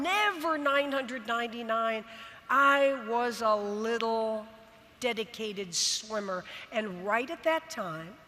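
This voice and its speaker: A woman in her sixties from Florida giving a dramatic keynote speech, with long pauses and sudden bursts of emphasis. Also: high voice, sharp tone. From Florida, United States. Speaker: keynote speaker. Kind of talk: motivational keynote storytelling. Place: large convention arena. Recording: long reverb of a big arena.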